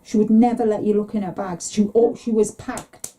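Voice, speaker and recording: Very dark-voiced woman chatting. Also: steady tone, moderate pace. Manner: chatty, rambling, mimics relatives in a higher voice. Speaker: podcast co-host. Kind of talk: casual chat.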